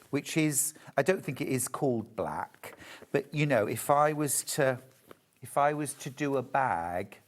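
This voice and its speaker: A man presenting a live shopping channel show, chatty and gushing as he demonstrates fabrics. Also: mid-range voice. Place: TV shopping studio.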